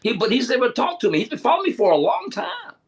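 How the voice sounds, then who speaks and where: A man co-hosting a racing chat show, telling stories in a casual, animated way and laughing as he goes. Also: extremely high pitch, fast talker, husky. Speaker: podcast co-host.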